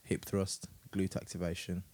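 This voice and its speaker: A man's voice: deep voice, monotone, moderate pace, darkish tone, slight background noise. A man, co-hosting a casual podcast chat and explaining things at ease, with a sore back. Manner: laid-back, explains fitness with fillers. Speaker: podcast co-host.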